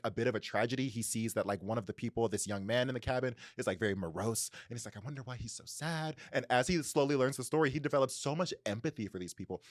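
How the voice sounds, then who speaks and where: A man's voice: mid-range voice, no room sound, clean studio sound. A man co-hosting a casual book discussion, retelling a story animatedly with lots of "like" fillers. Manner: animated, frequent "like" fillers, laughs while telling. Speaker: podcast co-host.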